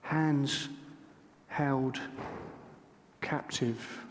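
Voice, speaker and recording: A man's voice: mid-range voice, fairly even intonation, very slow. A middle-aged man, a lead minister, preaching a sermon and telling stories with humour, acting out the dialogue in them. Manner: humorous storytelling, acting out dialogue. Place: church sanctuary. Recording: long church reverb.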